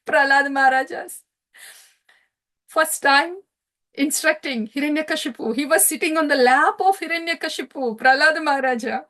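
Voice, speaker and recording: High-voiced woman telling a scripture story. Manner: animated, laughing, many fillers. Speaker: scripture teacher.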